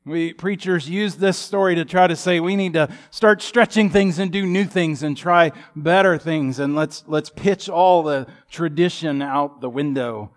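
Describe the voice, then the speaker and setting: A man's voice: fairly high pitch, measured pace, hardly any pauses. A man in his fifties preaching a sermon in a folksy, humorous storytelling manner. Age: 50s. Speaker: pastor.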